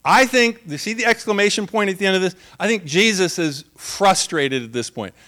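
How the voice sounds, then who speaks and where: A man's voice: high voice, lively intonation, a little fast, bright, forceful tone. A man preaching a conversational sermon, humorous and laughing often as he retells the story. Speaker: pastor.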